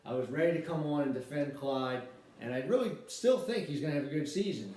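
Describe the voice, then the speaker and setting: A man's voice: on the high side, lively intonation, a little fast, a little mellow. A man hosting a casual fantasy football podcast, talking in a rambling, upbeat way with lots of fillers. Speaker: podcast host, league commissioner. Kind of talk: casual solo podcast chat. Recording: very echoey room, mic at a distance.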